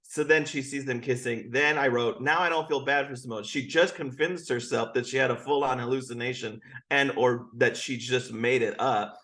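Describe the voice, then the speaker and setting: A man as guest co-host in casual recap chat, giving relaxed commentary and frequent short agreements. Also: medium pitch, normal speed, few pauses.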